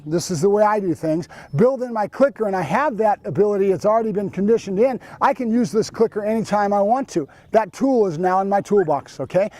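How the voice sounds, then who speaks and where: A man's voice: sits high, dark tone. A man demonstrating dog training, explaining his methods as he works and calling out short marker words to the dog.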